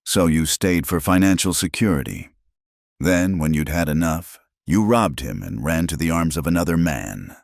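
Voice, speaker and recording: A man's voice: extremely low pitch, animated, moderate pace, vocal fry, no room sound, studio quality, full character voice. A man doing a cold sneering lawyer.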